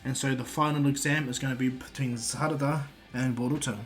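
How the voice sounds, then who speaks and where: Male storyteller, casual and rambling, mid-pitch, faint music underneath. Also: fairly even intonation, brisk. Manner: rambling, many fillers.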